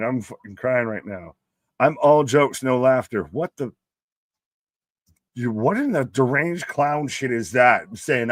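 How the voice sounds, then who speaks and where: A man hosting a casual wrestling live stream, talking loosely to his chat and swearing freely. He breaks into laughter between his calls of the action. His voice sits at a middling pitch and sounds dry and close to the mic. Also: dry recording. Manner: loose, profane, laughing, talks to chat by name.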